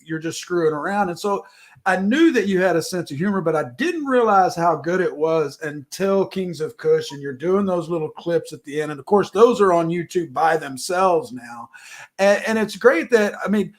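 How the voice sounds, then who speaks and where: A man hosting an interview, talking effusively and praising his guest. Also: fairly high pitch. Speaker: show host. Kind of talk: casual interview chat.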